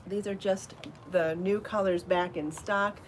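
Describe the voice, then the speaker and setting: A woman hosting a live crafting show, chatty and enthusiastic, out of breath from rushing around and trying on garments. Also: medium pitch, steady tone, slight background noise. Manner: chatty and enthusiastic, laughs at herself. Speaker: podcast host showing her yarn designs. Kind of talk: casual live show chat.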